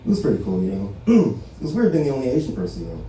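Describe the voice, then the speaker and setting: A man's voice: medium pitch, huge pitch swings, fast, mellow, a little hiss or hum. A man from Los Angeles doing a casual, profane stand-up set, telling stories and tagging lines with "right?". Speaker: stand-up comedian. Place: barbershop comedy show. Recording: very echoey room, mic far away.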